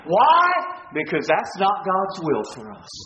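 A man's voice: on the high side, lively intonation, moderate pace, fairly bright tone, roomy sound, low-quality recording. A male pastor preaching a sermon in a church, emphatic and repeating his phrases for effect.

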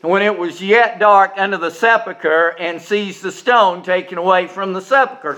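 A man preaching a sermon, folksy and emphatic, jumping from quiet asides to loud stressed lines and often repeating words as he starts a sentence. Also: sits high, normal speed, few pauses, highs cut off.

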